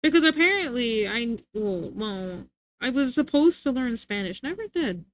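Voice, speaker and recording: A woman's voice: a little high, lively intonation, moderate pace, a little hiss or hum. A young woman livestreamer chatting casually with her viewers, rambling and often giggling.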